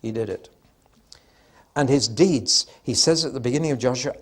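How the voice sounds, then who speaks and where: A man's voice: medium pitch, normal speed, long pauses. A man giving a Bible teaching talk to an audience, emphatic and conversational with dry humor, swelling suddenly on stressed words and drawing them out.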